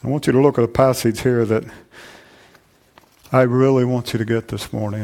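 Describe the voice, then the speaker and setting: A man preaching a sermon to his congregation, shifting between loud, fervent passages and low, intimate asides, often repeating "I'm telling you". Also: fairly even intonation, normal speed, gravelly, long pauses. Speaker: pastor.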